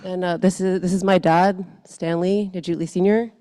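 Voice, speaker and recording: A woman speaking softly and hesitantly to a public meeting as she introduces her family. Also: lowish voice, steady tone, moderate pace, big-room sound. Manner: soft-spoken, hesitant. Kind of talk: short remarks at a public meeting. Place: meeting room.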